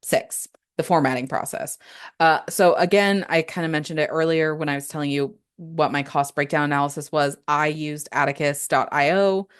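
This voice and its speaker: A woman's voice: sits low, normal speed, clear, resonant tone. A woman hosting a podcast, talking casually and candidly, with playful asides. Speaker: podcast host. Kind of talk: casual solo podcast talk.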